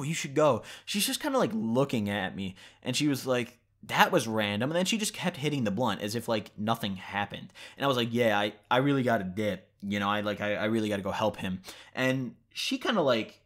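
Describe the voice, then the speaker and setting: A man's voice: mid-range voice, animated, brisk, fairly bright tone. A young man vlogging, telling a casual story in a rambling, profane way with lots of fillers.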